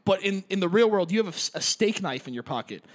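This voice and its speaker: Brief: young man, high voice, rambling casual chat, swears a lot. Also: expressive, quick pace. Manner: rambling, heavy filler words and swearing. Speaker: gamer describing a game.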